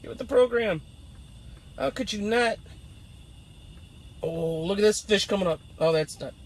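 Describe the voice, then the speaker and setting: A man's voice: high-pitched, a little slow. A man doing playful live commentary while ice fishing outdoors on a frozen pond, teasing the fish as he talks.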